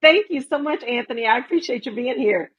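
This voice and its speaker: A woman's voice: on the high side, animated, a little fast, husky. A woman from Texas hosting an interview show, telling a personal story and affirming her guest. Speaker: host. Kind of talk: casual interview talk, storytelling. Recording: dull lo-fi audio.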